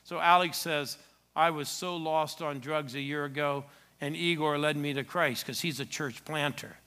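A middle-aged man preaching a sermon in church, telling stories with sudden swings between loud exclamations and soft asides. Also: fairly high pitch, normal speed. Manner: animated storytelling with sudden loud and soft turns. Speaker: pastor.

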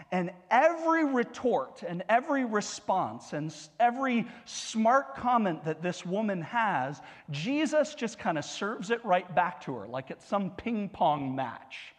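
A male pastor giving a sermon in a conversational, animated style with humorous asides. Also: sits high, breathy edge, long reverb tail.

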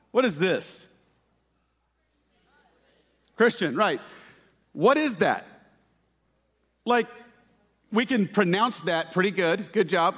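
A man preaching a sermon, telling stories with lively shouted quotes. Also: sits high. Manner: animated storytelling with shouted quotes. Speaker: pastor. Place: church sanctuary. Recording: church hall reverb.

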